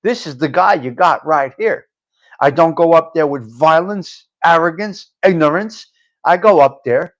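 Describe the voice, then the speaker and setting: A man hosting a live-stream talk show, giving a blunt, profane monologue that swings from low muttering to loud outbursts. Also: unhurried. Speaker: livestream talk show host.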